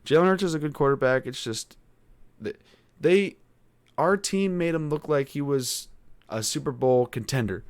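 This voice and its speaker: A man's voice: on the high side, moderate pace, dry recording. A teenage boy hosting a podcast, venting in a frustrated, rambling way with lots of swearing. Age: teens. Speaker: podcast host. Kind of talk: casual venting monologue.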